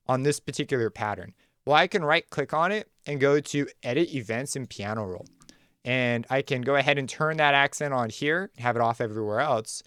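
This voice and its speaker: Man, tutorial host, smooth clear voice, dry close mic, relaxed walkthrough. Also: mid-range voice, no echo. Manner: relaxed, conversational, thinks aloud while clicking. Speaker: music production tutorial host. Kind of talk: screen-recorded software tutorial.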